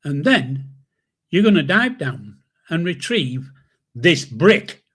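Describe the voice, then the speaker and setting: A man's voice: fairly high pitch, big pitch swings, takes it slowly, fairly bright tone, breathy edge, exaggerated voice. An older man voicing a stern male army corporal who barks orders at recruits. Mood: commanding. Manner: barking orders.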